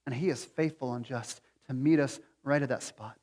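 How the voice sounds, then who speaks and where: A man preaching a sermon as pastor, moving between quiet reflection and loud, pleading appeals. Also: medium pitch, moderate pace, in a large hall. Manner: swings from hushed to near-shouting pleading. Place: church sanctuary.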